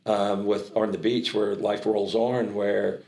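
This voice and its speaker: Middle-aged american guy with a bit of southern twang, low voice, rambly excited storyteller, echoey room. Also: slow pace, vocal fry. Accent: American, with a trace of Southern. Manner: rambling, animated storyteller with frequent restarts. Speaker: charity founder and auctioneer. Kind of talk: casual interview talk.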